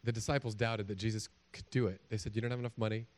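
A man's voice: lowish voice, racing. A man preaching a sermon as a pastor, telling jokey stories and acting out little voices. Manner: animated, jokey storytelling with acted-out voices.

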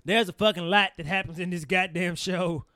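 A high, bright-voiced man holds forth on a casual podcast. He talks animatedly and swears freely. The sound is close and dry. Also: normal speed, no room sound. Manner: animated, swearing, laughs often. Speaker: podcast co-host. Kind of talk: casual chat.

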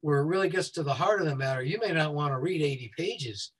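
A man working as a safety consultant. He speaks quickly and explains things step by step as a guest who walks listeners through a website. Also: a little high, animated, a bit bright, husky, poor audio.

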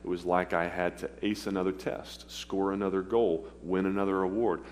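A man preaching a sermon, earnest and pleading, with pauses as he speaks of his own past. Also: deep voice. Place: church sanctuary. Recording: long hall reverb, faint hum.

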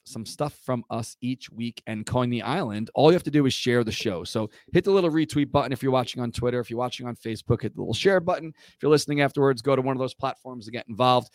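A man's voice: mid-range voice, fast, hardly any pauses, no room sound, clean studio sound. A man hosting a casual podcast, chatty and rambling, with fillers and self-corrections. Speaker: podcast host. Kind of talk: casual chat.

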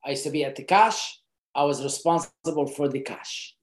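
This job advice presenter has a mid-range voice and moves at a moderate pace, coaching earnestly in a casual talk to camera. He repeats points for emphasis and his unscripted phrasing restarts often, all in a roomy, echoing recording.

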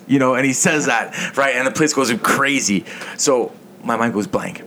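A man's voice: mid-range voice, a little fast, fairly bright tone, slight background noise. A man hosting a casual sports podcast, telling stories in a rambling, swearing way. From Canada. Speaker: podcast host.

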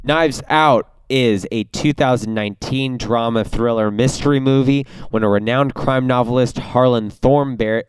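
A young man hosts a casual movie review podcast in a relaxed, joking way. He laughs often and talks in an everyday mid-range voice. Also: mid-range voice, normal speed, hardly any pauses, clear, resonant tone, no room sound. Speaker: podcast host.

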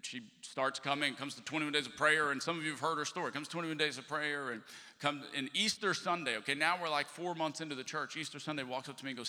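A man's voice: a little high, fast talker, pushed and bright. A man preaching a sermon as pastor, chatty and joking with his congregation. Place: church sanctuary. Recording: long hall reverb.

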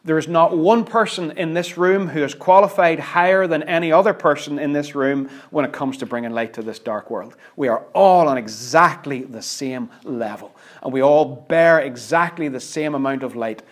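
A man's voice: on the high side, moderate pace, hardly any pauses. A man preaching a sermon, earnest and emphatic, sometimes dropping almost to a whisper. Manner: earnest, emphatic, with dramatic drops to near-whisper.

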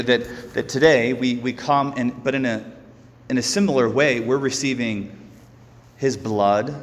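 A man who is a Catholic priest giving a sermon, earnest and slow, often repeating words as he goes. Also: mid-range voice, in a large hall.

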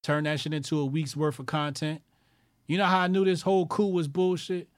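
A man's voice: fairly high pitch, level tone, brisk, no room sound, clean studio sound. A man hosting his own commentary show, ranting crudely with constant swearing, mocking people and repeating lines for emphasis.

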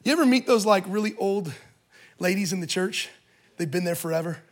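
A man speaking to a church audience, telling a humorous story with lively, joking asides. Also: sits high, brisk. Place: in front of a live audience in a room.

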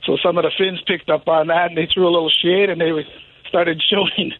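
A man's voice: fairly high pitch, level tone, a little fast. A man calling in to a radio show, rambling with lots of fillers and a defensive edge. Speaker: caller. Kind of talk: phone call-in chat. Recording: tinny phone line with faint noise.

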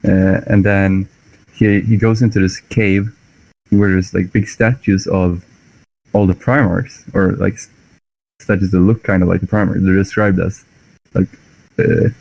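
A man chatting casually about books, animated and quick to act out scenes. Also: low-pitched, gravelly, low-quality recording. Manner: animated storyteller, acts out lines with laughs.

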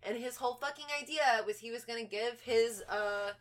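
A woman's voice: on the high side, normal speed, a bit bright. A woman co-hosting a podcast, telling stories in casual, swear-filled chat with many likes. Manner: chatty storytelling, swears often, says like a lot. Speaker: podcast co-host.

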